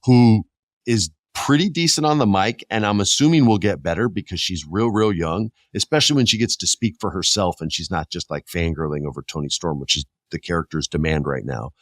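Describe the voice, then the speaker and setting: A man's voice: sits low, fairly quick, no room sound, studio quality. A man hosting a podcast, chatting in a laid-back, slangy and jokey way. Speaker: podcast host. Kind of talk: casual podcast chat.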